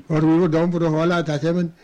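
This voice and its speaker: A man's voice: a little high, dark tone, highs cut off. An older man, telling rambling anecdotes in an oral history interview, chuckling and restarting as he goes.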